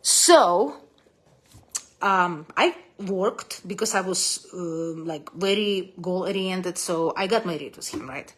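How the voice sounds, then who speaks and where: Animated woman with a Russian accent. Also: slow pace. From Kazakhstan. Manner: animated, big swings in pitch and loudness, non-native grammar. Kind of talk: casual personal storytelling to camera.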